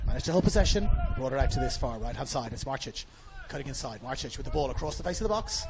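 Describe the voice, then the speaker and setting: A man's voice: mid-range voice, sing-song, quick pace. A man with an Australian accent giving live football match commentary from a commentary box at the ground, rising with the action.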